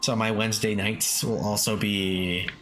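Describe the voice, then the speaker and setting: A man's voice: lowish voice, flat delivery, measured pace. A man streaming games, chatting casually, reading chat aloud, swearing freely and chuckling often. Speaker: game streamer. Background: faint lofi background music.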